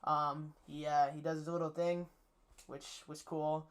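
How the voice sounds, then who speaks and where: A man's voice: fairly high pitch, little pitch movement, measured pace. Eager rambling man recapping a movie. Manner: enthusiastic, rambling, with many fillers. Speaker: movie reviewer. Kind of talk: casual spoiler plot recap.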